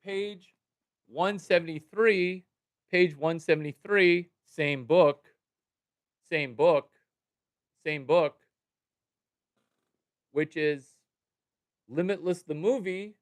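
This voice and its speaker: Excitable man livestreaming, slow and crisp. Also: a little high, dry recording. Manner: excitable, jumps from mumbling to loud outbursts. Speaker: livestream host. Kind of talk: animated livestream talk to chat.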